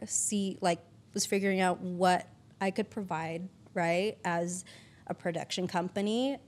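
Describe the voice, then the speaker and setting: A woman's voice: medium pitch, a little mellow. Chatty woman producer, "like"-heavy talk. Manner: chatty, heavy use of "like", casual swearing. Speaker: producer and podcast guest. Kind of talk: casual interview chat.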